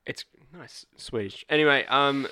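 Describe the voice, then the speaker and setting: A man's voice: medium pitch, a little slow, pushed and bright, clean tone, no echo, studio quality. A man with an Australian accent, rambling and laughing through a casual chat as a podcast co-host.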